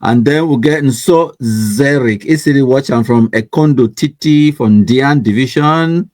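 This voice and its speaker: A man's voice: mid-range voice, unhurried, darkish tone, no room sound. A man with a Cameroonian accent mixing English and Pidgin, hosting a casual live stream and teasing his way through viewers' comments. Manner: chatty and teasing, laughs often, reads viewer comments aloud. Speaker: online news show host.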